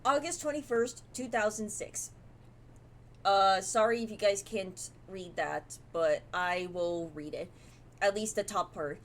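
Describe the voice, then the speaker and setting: A woman's voice: medium pitch, a little slow, slight background noise. Jumpy woman reacting to a horror game. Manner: jumpy and easily startled, gasping and exclaiming; chatty, talks to viewers while reading aloud. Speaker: gamer playing a horror game. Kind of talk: live gameplay commentary.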